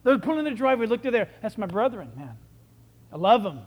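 A preacher voicing Jesus as an excited grown man, cheering in rapid, repeated exclamations like a proud father at a game. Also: high-pitched, long reverb tail. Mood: overjoyed.

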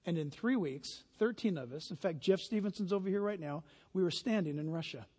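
A middle-aged male pastor with a notably high voice preaching in a church sanctuary. He drops to a hushed storytelling tone, then climbs into loud, fervent exhortation. The sound carries a long hall reverb. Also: fairly quick, slightly rough. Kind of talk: sermon.

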